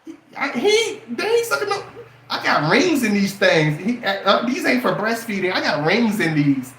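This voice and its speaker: A man's voice: high voice, sing-song, moderate pace, fairly bright tone, roomy sound, slight background noise, pitched above the performer's own voice. A man doing a squealing, indignant young woman. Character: exasperated young woman refusing to breastfeed.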